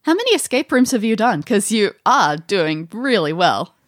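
A woman's voice: mid-range voice, sing-song, moderate pace, dry recording. Dry-sounding woman running a puzzle game. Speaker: game master. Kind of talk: narrating an audio escape-room game.

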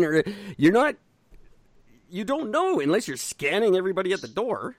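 A man's voice: a little fast, no room sound. A man co-hosting a podcast in casual chat, blunt and ranting, swearing freely. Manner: blunt, swears freely, rants with animated pitch. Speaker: podcast co-host.

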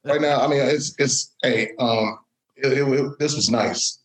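A man talking as a podcast guest, speaking haltingly with frequent stutters and restarts. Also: mid-range voice, poor audio. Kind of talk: casual chat.

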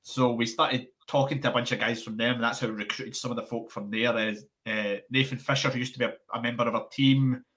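A young man chatting casually as a podcast founder, rambling and restarting his sentences in an animated way. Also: medium pitch, fast, hardly any pauses. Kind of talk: casual interview chat.

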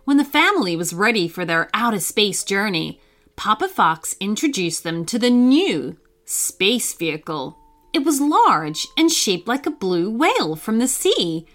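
Slow, expressive woman reading a bedtime story. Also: mid-range voice, soft background music.

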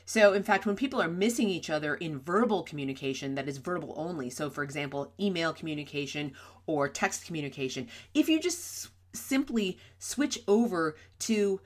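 A middle-aged woman hosting a podcast, teaching about workplace communication in an emphatic, animated way with light laughs. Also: low-pitched, normal speed. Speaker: podcast host.

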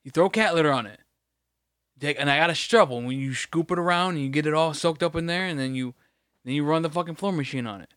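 Man, slightly high voice, rambling profane storytelling, dry sound. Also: fast talker, fairly bright tone, clean tone, dry recording. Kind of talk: casual chat.

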